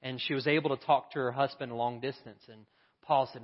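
A man telling a story in a sermon, lively and acting out the voices of its people. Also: medium pitch, a little fast, long reverb tail, dull audio. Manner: animated, acts out the voices in his story. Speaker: preacher.

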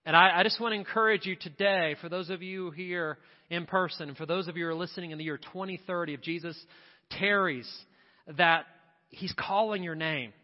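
A man's voice: high-pitched, brisk. A man pastor delivering an impassioned sermon in a church, building to repeated refrains. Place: church sanctuary. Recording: dull audio with long hall reverb.

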